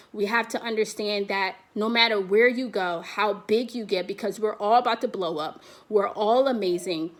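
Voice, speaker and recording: A woman with an American accent, giving an emphatic motivational talk to a video call and then answering questions. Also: a little high. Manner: emphatic, rallying, repeats "we have to". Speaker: guest speaker on a virtual summit.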